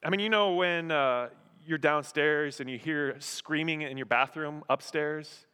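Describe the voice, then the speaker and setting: A man preaching a sermon as pastor, animated, acting out voices and exclamations. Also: fairly high pitch, unhurried, smooth. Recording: long hall reverb.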